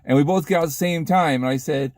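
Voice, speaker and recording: A man's voice: a little high, fast, no echo, studio quality. Chatty man with a raised voice. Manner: lively, chatty, laughs at his own story. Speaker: vlog storyteller. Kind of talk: casual anecdote telling.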